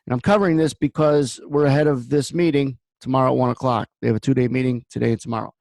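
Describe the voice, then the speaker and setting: A man's voice: medium pitch, fairly even intonation, quick pace, vocal fry, darkish tone, no room sound. A man hosting a trading room, giving blunt market commentary that wanders into personal stories. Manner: blunt, rambling storyteller.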